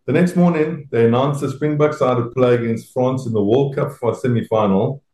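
South African man, former rugby player, animated anecdote, self-deprecating, medium pitch, roomy echo. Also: fairly quick. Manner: animated, self-deprecating, acts out quoted voices. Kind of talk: anecdotal storytelling.

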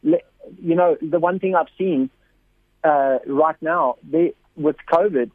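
A man's voice: a little high, slow, breathy edge, no echo. A man, a missionary guest telling stories with lots of energy and repeated words. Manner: animated storyteller, repeats words often, acts out quotes with a raised voice. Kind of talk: storytelling interview. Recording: tinny phone line.

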